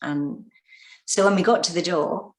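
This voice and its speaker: A middle-aged British actress recounting stories as an interview guest, animated and acting out the voices of people she quotes. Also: lowish voice, measured pace. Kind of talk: conversational interview storytelling.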